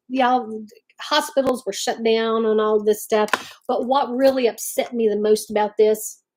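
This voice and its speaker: A woman's voice: on the high side, a little mellow. A middle-aged woman, hosting a casual live chat and talking emphatically and from the heart straight to her viewers. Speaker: livestream host.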